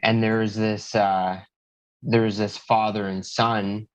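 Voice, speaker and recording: A man's voice: on the low side, flat delivery, slow pace, slight background noise. A young man co-hosting a podcast in casual chat, laid-back and often adding "you know what I mean". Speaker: podcast co-host. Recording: dull lo-fi podcast audio.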